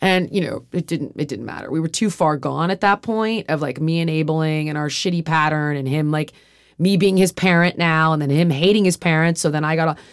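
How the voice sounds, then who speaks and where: A woman's voice: low-pitched, a little fast, no echo, clean studio sound. A middle-aged woman hosting a podcast, speaking frankly and confessionally, often saying "like" and swearing freely. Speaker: podcast host. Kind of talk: candid personal conversation.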